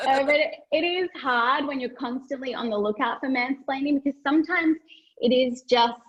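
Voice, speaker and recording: Australian woman comic, high voice, playful self-mockery, lo-fi stage recording. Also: moderate pace. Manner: self-mocking, playful, laughs between jokes. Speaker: stand-up comedian. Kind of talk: stand-up set.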